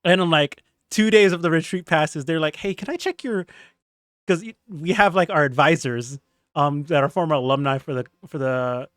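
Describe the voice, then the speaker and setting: A man with a notably high voice hosts a casual podcast and tells stories with excitable, animated energy. The sound is dry and close, with no room echo. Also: normal speed. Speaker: podcast host. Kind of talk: casual chat.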